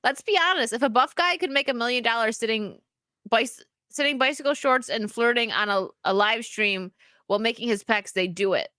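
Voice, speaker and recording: A woman's voice: on the high side, brisk, bright, forceful tone, dry recording, studio quality. An American woman co-hosting a casual live stream, giggling often as she reads out donations. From United States. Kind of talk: casual chat.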